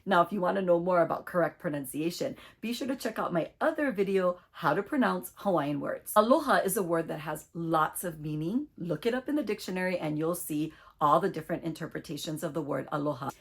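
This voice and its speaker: Woman, language teacher, low-pitched, gravelly, husky, deliberate drills. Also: expressive. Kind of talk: friendly online language lesson.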